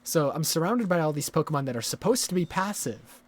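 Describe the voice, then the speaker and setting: A man's voice: on the high side, lively intonation, a little fast. Profane, exasperated male game streamer. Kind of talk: live gameplay commentary.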